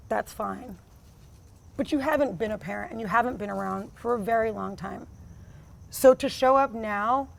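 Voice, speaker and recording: Woman, 30s, interview guest; blunt, emphatic, fairly high voice, heavy on fillers. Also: vocal fry, slight background noise. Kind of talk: candid personal conversation.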